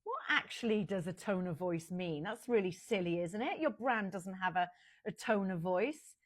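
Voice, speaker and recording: A woman's voice: mid-range voice, expressive, normal speed. Woman giving casual brand advice. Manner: conversational, with small restarts, addressing the viewer directly. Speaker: fashion business consultant. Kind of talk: casual advice talk to camera.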